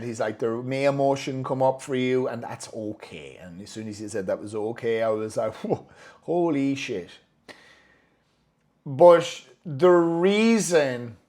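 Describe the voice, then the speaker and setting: A man telling a personal story in a candid, profane and emotional way, acting out his own thoughts as he goes. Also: mid-range voice.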